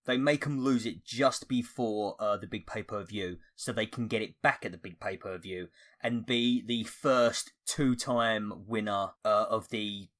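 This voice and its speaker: Low-voiced man hosting a podcast. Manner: steady, brisk, leads the discussion. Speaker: podcast host. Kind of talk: casual podcast chat.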